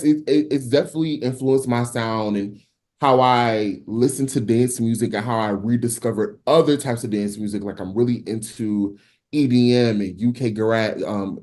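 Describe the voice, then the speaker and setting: This man, a singer from Newark, New Jersey, has a fairly low, darkish voice. As an interview guest he's casual and animated, frequently restarting sentences and using fillers.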